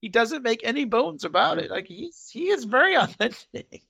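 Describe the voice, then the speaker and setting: A podcast co-host talks through a TV episode in a loose, chatty way, slipping into voices for the characters. His voice sits high and swoops widely. There is a gravelly edge to it. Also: normal speed, dull audio. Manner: animated retelling, acting out quotes, laughing often. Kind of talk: casual chat.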